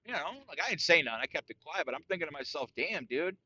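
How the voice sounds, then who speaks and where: Lively, bright-voiced man ranting crudely. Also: on the high side, racing, breathy edge, dull audio. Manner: crude, profane and boastful, peppered with "dude". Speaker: podcast host. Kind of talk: casual solo podcast rant.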